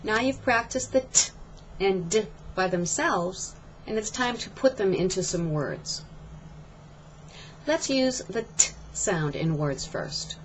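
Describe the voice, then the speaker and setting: A woman coaching pronunciation in a scripted lesson, slow and encouraging, modeling sounds for the learner. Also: medium pitch, expressive, slight background noise. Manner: slow, deliberate, encouraging teacher. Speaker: accent reduction coach.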